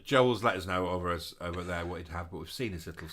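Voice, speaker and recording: A man's voice: low voice, fast talker, a bit bright, slight background noise. A man co-hosting a live chat show, chatting campily and reading out viewers' messages. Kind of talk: casual live-stream chat.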